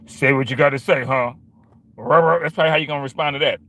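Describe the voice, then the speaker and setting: A man's voice: mid-range voice, fast talker, bright, forceful tone, no echo. A man hosting a livestream, talking back to his chat in a confrontational, repetitive and slangy way. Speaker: livestream host.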